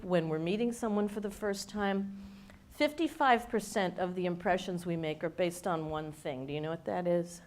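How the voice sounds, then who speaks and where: Woman, communications speaker, workshop before a live audience, playful, quizzes the room, middle pitch. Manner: lively, playful, asks the audience questions; demonstrates speech habits with her own voice.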